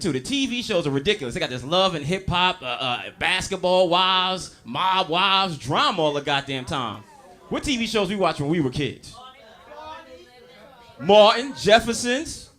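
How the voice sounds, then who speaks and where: A man doing a stand-up comedy set, telling loud, animated, profane stories and working the crowd. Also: high-pitched. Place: comedy stage before a live audience. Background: audience laughter.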